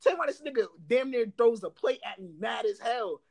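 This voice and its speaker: A young man telling workplace stories in casual chat, animated and laughing, loudly acting out what others said. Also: very high voice, fast, vocal fry. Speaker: storyteller.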